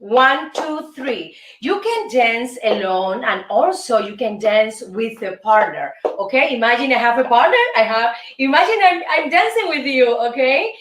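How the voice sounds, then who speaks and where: Woman, Cuban Spanish accent, dance teacher, slow unhurried delivery, counts beats aloud, echoey room, distant mic. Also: fairly high pitch, a little hiss or hum. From Cuba. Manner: lively, counts out beats rhythmically. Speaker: show host and dance teacher. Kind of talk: dance lesson. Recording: roomy room, distant mic, faint music.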